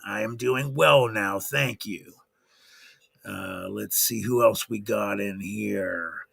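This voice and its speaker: A man's voice: lowish voice, slow, gravelly, sharp tone, breathy edge. A man hosting a livestream in a casual chatty way, greeting viewers by name one after another. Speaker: livestream host.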